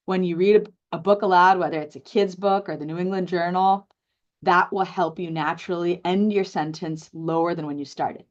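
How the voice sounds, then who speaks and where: A woman physician leads a live lecture on public speaking, coaching in a lively, direct way with quick asides to the room. Her voice sits a little low for a woman. The audio is dull and lo-fi. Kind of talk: live lecture to an in-person and online audience.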